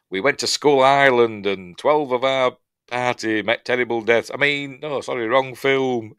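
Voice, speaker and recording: In a fairly low but fairly bright voice, a middle-aged film reviewer with a Yorkshire accent, from Yorkshire, England, chats through a film breakdown. He wanders off on tangents, uses dry humour, and acts out lines; no room sound is audible.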